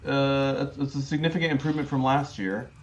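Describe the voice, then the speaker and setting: A man's voice: mid-range voice, fairly even intonation, brisk, highs cut off. A man co-hosting a casual sports podcast, chatty and hedging, repeating words as he works out his opinion. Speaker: podcast co-host.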